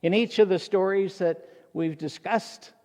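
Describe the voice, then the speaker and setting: A man's voice: high voice, measured pace, darkish tone, big-room sound. A male pastor preaching a sermon in a church, in a storytelling manner.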